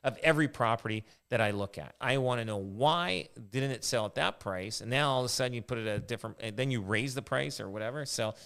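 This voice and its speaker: A man's voice: medium pitch, quick pace, gravelly, hardly any pauses, fairly bright tone, clear, resonant tone. Rambling man telling stories. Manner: rambling anecdotal storytelling. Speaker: realtor and podcast host. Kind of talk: casual podcast chat.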